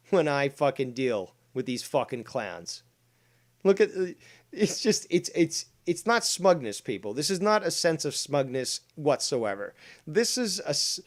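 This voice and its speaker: A man commenting on clips in a crude, blunt rant, loud at one moment and muttering low asides the next. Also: animated, a little slow. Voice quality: profane and blunt, swings between loud rants and low asides.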